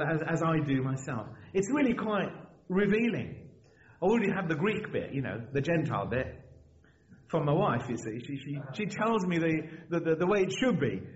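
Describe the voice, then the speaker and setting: A man preaching a sermon in a lively, conversational way, often restarting his phrases. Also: on the high side. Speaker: visiting preacher. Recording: dull lo-fi church recording with faint hiss.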